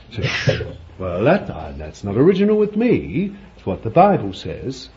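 A man's voice: medium pitch, darkish tone. An older man preaching a sermon, emphatic and chuckling often, repeating his phrases. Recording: dull lo-fi recording with faint background noise.

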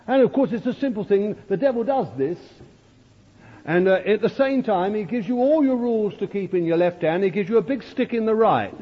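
Male preacher, husky and lively, slow dramatic sermon delivery, dull old recording in a big echoing hall. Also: high-pitched. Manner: dramatic storyteller, swings from loud to hushed.

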